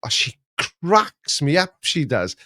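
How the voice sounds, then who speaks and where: A man's voice: a little high, big pitch swings, slow pace, pushed and bright. A man hosting a casual live stream, chatting in a rambling, jokey way with many restarts. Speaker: host.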